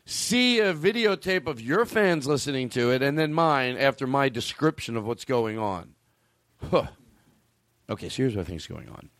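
A man's voice: mid-range voice, big pitch swings, normal speed, a bit bright, no echo, studio quality. A man hosting a comedy podcast, chatting casually and rambling through self-corrections. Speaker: podcast host.

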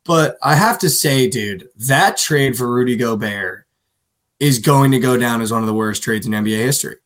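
A man co-hosting a sports podcast in casual, animated chat, swearing freely and mimicking players. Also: mid-range voice, moderate pace. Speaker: podcast co-host.

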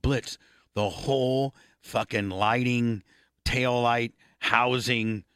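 A man's voice: mid-range voice, steady tone, takes it slowly, fairly bright tone, smooth, no echo, clean studio sound. A man hosting his show, chatting casually and crudely, swearing constantly and bickering with his guests. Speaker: host.

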